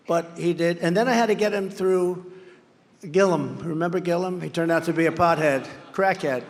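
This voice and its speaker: A man giving a rambling, boastful campaign rally speech at a podium microphone, mocking his rivals by acting out their words. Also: high voice. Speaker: political candidate. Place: large campaign rally venue. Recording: long reverb of a large venue.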